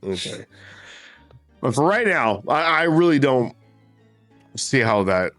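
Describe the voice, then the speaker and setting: Man, casual podcast co-host, lively swooping delivery, dry close sound, soft music behind, profane and chatty. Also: medium pitch, takes it slowly, no room sound. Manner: profane, animated retelling with filler words. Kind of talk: casual movie discussion.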